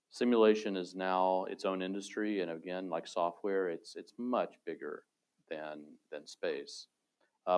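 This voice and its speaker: Deep-voiced man, relaxed storyteller. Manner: relaxed, storytelling, self-amused asides. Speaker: retired space robotics engineer, guest. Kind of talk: casual panel talk.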